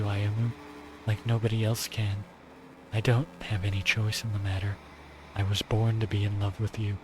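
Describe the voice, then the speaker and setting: A male streamer reading a visual novel aloud and voicing an obsessive, possessive young woman who talks to her partner in a softly adoring, controlling way. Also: mid-range voice, noisy background, natural voice. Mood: possessive adoration.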